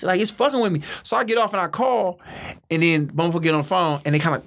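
A quick-talking man with a slightly raised voice spins comedy stories on a podcast. His delivery is loose, profane and animated. He rattles through each tale at speed. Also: sits high. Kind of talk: casual storytelling chat.

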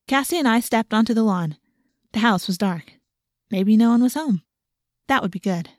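Woman audiobook narrator, expressive, dry close mic. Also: on the high side, normal speed, pauses often, no echo. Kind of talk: scripted first-person narration.

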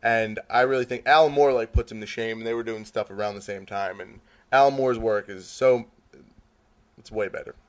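A man's voice: lowish voice, steady tone, normal speed. A man guesting on a podcast, joking around and giving strong opinions in casual chat. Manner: joking, opinionated, self-described big nerd.

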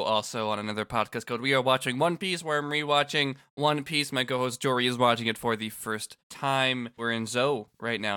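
A man's voice: medium pitch, bright, forceful tone, clean tone, dry recording, clean studio sound. A man co-hosting a podcast in casual chat, stumbling over his words and chuckling. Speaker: podcast co-host.

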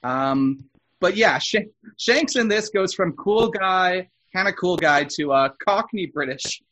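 A man with a somewhat high voice leads a casual podcast conversation. He keeps the discussion moving and often repeats words as he restarts his sentences. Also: lively intonation, unhurried, fairly bright tone. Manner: steers the talk, stammers on restarts. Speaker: podcast co-host.

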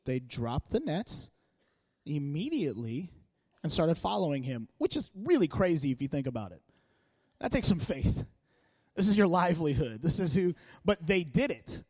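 Slightly high-voiced man giving a chatty sermon. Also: normal speed, slightly rough, no echo. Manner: chatty, joking, animated delivery. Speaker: church speaker. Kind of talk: casual sermon. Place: church meeting room.

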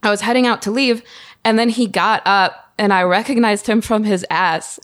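A woman's voice: mid-range voice, steady tone, moderate pace, fairly bright tone. A woman in casual podcast chat as a guest, laid-back and slangy, laughing often.

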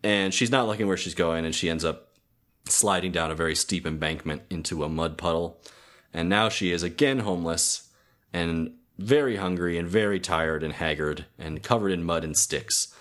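A man casually retelling a cartoon episode on a podcast, halting with many restarts and fillers. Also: low-pitched, fairly bright tone. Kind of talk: casual chat.

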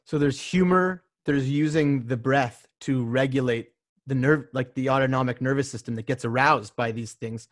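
Male coach, thoughtful, halting, casual talk, mid pitch. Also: no room sound, studio quality. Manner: thoughtful, many restarts and fillers.

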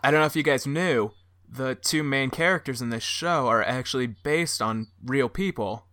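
Deadpan guy on a comedy podcast, acting all serious. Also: mid-range voice, moderate pace. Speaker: podcast co-host. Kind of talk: casual comedy podcast chat.

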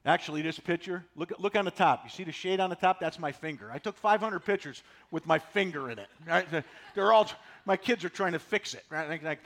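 A man in his sixties preaching a sermon, folksy and animated, driving points home with repetition. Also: sits high, fairly quick. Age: 60s. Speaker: pastor.

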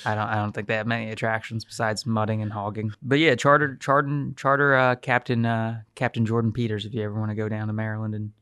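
A man's voice: lowish voice, level tone, fast talker, hardly any pauses, a bit bright, clear, resonant tone, no echo, studio quality. Rambling man joking on a podcast. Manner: rambling, filler-heavy, profane jokes. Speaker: podcast co-host. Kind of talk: casual podcast banter.

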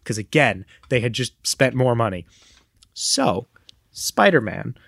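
A man's voice: medium pitch, measured pace, gravelly, no room sound, studio quality. A man co-hosting a podcast in casual chat, telling a long story with energy and acting out the lines of the people in it. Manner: animated storyteller who acts out quoted lines. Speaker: podcast co-host.

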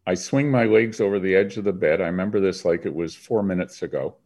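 An older man with a very low voice, speaking as an interview guest. He tells his story earnestly and reflectively, from Canada. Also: quick pace, darkish tone.

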